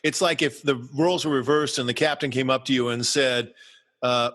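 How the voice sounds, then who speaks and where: A man's voice: medium pitch, fairly even intonation, fairly quick, a bit bright. A man co-hosting a podcast in casual chat, asking questions and playing devil's advocate. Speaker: podcast co-host.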